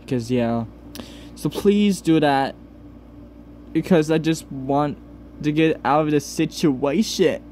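A man near tears in an upset vlog rant, pleading with viewers, swearing and halting over his words. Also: a little high, a little mellow, a little hiss or hum. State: close to tears. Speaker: channel owner.

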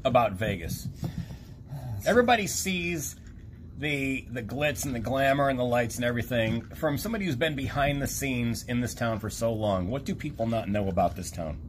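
A man's voice: mid-range voice, lively intonation, a little hiss or hum. A man hosting a podcast, asking questions in casual chat and throwing in teasing jokes. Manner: teasing, quick joking interjections. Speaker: podcast host.

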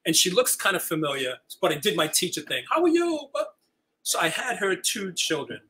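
Older man, bright, somewhat high voice, animated storyteller acting out dialogue, interview guest. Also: brisk, poor audio. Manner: animated, acts out quoted dialogue. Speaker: guest, retiring high school teacher. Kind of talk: storytelling chat.

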